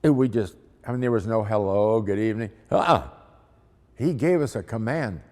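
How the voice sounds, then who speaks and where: A man's voice: lowish voice, animated, moderate pace, a little mellow. Folksy missionary man in reverberant hall. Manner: folksy, dramatic storytelling. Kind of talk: storytelling testimony.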